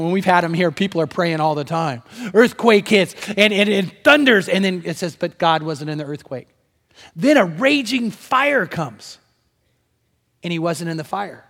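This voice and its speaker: An older man preaching a sermon as pastor, swinging from loud emphatic storytelling to hushed near-whispers. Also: on the high side, long reverb tail.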